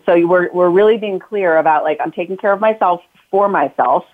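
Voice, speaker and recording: Woman author, interview guest, talkative, lower voice, tinny phone audio. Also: a little fast. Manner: talkative, acts out quoted lines to her kids. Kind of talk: casual interview talk.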